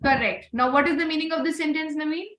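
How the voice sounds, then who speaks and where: Trainer type: high-pitched woman, upbeat class leader who keeps praising students, slightly roomy sound. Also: fast, fairly bright tone. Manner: encouraging, repeats praise, mixes in Hindi. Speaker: voice and communication trainer. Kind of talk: online class. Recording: roomy echo.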